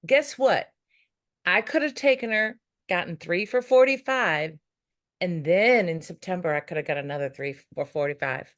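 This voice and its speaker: A woman on a video call telling a story, animated and acting out what others said. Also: on the low side, normal speed. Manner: animated, acts out the voices in her stories. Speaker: team member on a video call. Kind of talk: casual storytelling.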